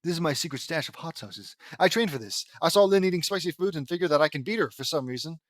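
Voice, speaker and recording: A man's voice: a little high, animated, fast talker, dry recording, studio quality, lightly acted. A man voicing a teenage boy who boasts plainly about training for spicy food. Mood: boastful. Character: teenage boy, proud hot-sauce lover.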